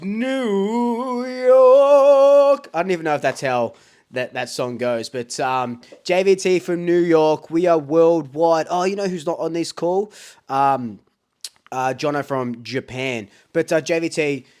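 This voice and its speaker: A man's voice: on the high side, unhurried, clear, resonant tone. Fired-up Australian man hosting fan talkback. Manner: fired-up, ranting, repeats himself. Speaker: fan talkback radio host.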